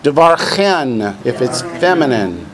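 Amid crowd noise, a man teaching Hebrew takes his time, his mid-range voice swinging widely in pitch. He works through a textbook lesson, drilling vocabulary with dry jokes along the way.

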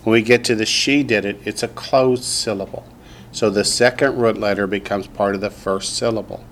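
A man's voice: fairly low pitch, steady tone, a little hiss or hum. Patient Southern man teaching a class. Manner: slow, patient drilling with repetition. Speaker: Hebrew teacher. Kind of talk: classroom language lesson.

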